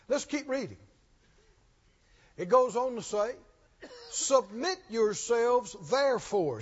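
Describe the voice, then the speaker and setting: A man's voice: sits high, husky. A man preaching a sermon in a church, emphatic and questioning, often repeating his lines. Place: church sanctuary. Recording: dull recording with long hall reverb.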